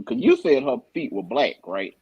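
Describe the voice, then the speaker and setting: A woman's voice: rumbling low, huge pitch swings, normal speed, dark tone, breathy edge, no echo, highs cut off. A woman panelist on a live chat with dry, wisecracking answers.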